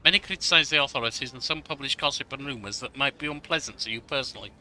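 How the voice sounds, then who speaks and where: A man's voice: medium pitch, fast talker, bright, forceful tone, a little hiss or hum. Man reading a formal court minister. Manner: formal, deferential address.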